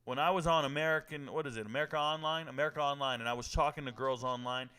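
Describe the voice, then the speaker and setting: Man, fight-night streamer, slightly high voice, joking, repeats himself, talks to chat. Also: fast talker, bright, forceful tone, clean tone. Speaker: streamer reacting to live fights. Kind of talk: casual live-stream commentary.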